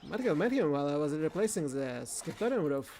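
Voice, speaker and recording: A man's voice: a little high, big pitch swings, fairly quick, a little mellow, a little hiss or hum. A man reading the lines of a blunt, irreverent village laborer in a game, brash and mocking, with frequent laughs.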